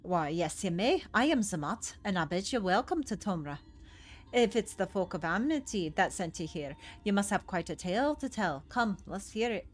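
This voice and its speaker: A woman voicing a gruff, wary male dwarf chief in a put-on Scottish accent, read aloud over a game. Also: mid-range voice, lively intonation, normal speed, faint music behind, close to an everyday voice. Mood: hearty. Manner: hearty, folksy, brogue-heavy.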